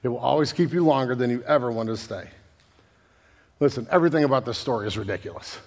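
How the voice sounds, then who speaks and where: A man preaching a sermon as pastor, casual and animated, using slang and acting out voices. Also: mid-range voice, fast talker, in a large hall.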